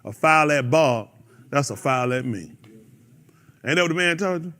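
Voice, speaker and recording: Animated high-pitched preaching man. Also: moderate pace. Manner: animated, preachy, calls out listeners by name. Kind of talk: fiery sermon to a congregation.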